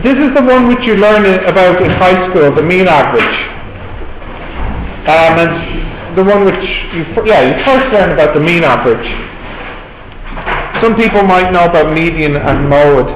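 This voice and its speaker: A man's voice: high voice, lively intonation, normal speed. A male maths tutor with an Irish accent, patiently explaining step by step to a class. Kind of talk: classroom teaching. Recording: echoey classroom, faint background noise.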